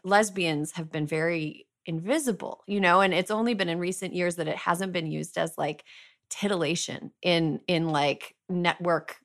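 A woman hosts a podcast in a casual, chatty way, using lots of fillers and a playful tone. Her voice is lowish and steady, at a normal speed.

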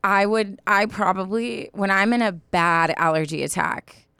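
Young woman, podcast co-host, casual rambling chat, smooth tone, dry close mic. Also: mid-range voice, unhurried, pushed and bright, dry recording. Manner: rambling, many restarts and likes.

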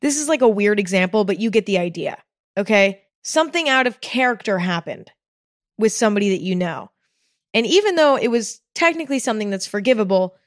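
Female podcast host, mid-pitched, conversational monologue with a dry, close sound. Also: no echo. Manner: chatty, conversational, with frequent "you know" and "okay?". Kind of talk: casual solo podcast monologue.

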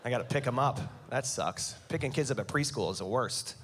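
In a live show with audible crowd noise, a thirtysomething male comedian does stand-up, needling the audience with sarcasm. He speaks a little fast, at medium pitch, with a fairly bright tone.

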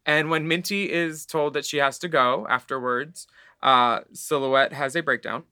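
A man co-hosting a podcast in casual chat, with quick, witty, campy quips. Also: a little high, fairly even intonation, sharp tone, smooth, no room sound, studio quality. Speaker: podcast co-host.

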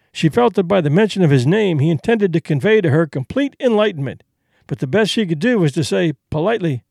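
Male narrator, audiobook, expressive, high and animated voice. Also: fairly quick, vocal fry, no echo, clean studio sound. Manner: expressive storytelling.

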